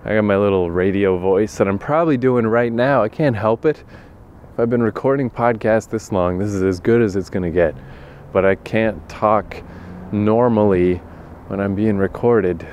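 A tired man rambles through a solo monologue on his own podcast, self-deprecating and swearing a lot. His voice is low and slightly mellow, with a bit of background noise.

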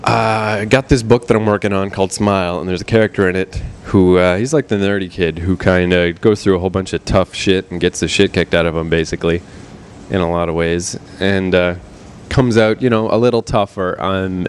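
A man's voice: low-pitched, fairly even intonation, fairly quick, slight background noise. A man who works as a projectionist hosts a show and rants casually, swearing constantly. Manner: swears constantly, irritated ranting. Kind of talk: casual profane rant.

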